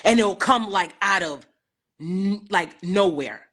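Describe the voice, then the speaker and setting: A woman's voice: medium pitch, takes it slowly, a bit bright. Woman, young adult, caller, casual chat, emotional, effusive, rambling. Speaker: caller on a live stream.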